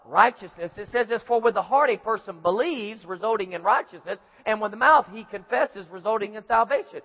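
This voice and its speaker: Fairly quick and high-voiced, a pastor preaches a homespun, story-filled sermon where he plays out little scenes and voices. The sound is dull and lo-fi, echoing around a hall.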